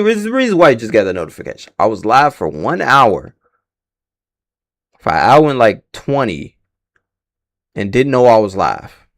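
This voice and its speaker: A low-pitched man talks off the cuff as he hosts his own livestream reaction. His voice swings up and down with lively energy, loose and slangy, cursing now and then and tripping over names as he goes. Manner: rambling, slangy and profane, stumbles over names. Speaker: livestream host reacting to casting news.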